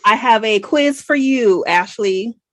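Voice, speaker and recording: An American woman co-hosts a book review podcast, chatting in an animated, digressive way. Her voice sits a little high. It is recorded close and dry, with no room sound. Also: slow, no echo. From United States. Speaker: podcast co-host. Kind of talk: casual book review chat.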